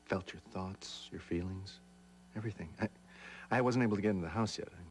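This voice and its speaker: An actor playing a gentle male spirit who speaks calmly and reassuringly, with some halting restarts. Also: sits low, a little hiss or hum, natural voice. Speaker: soap opera character. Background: score music.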